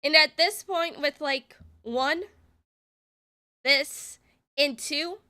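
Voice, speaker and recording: A woman's voice: high voice, drawn-out words, bright, forceful tone. A woman streamer giving exasperated, sarcastic reaction commentary and swearing freely.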